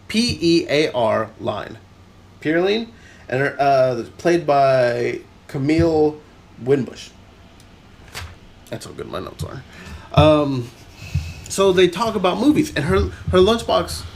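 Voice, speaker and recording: A man's voice: fairly high pitch, vocal fry, a little hiss or hum. A man co-hosting a podcast, rambling through a film recap in casual chat and laughing often. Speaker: podcast co-host.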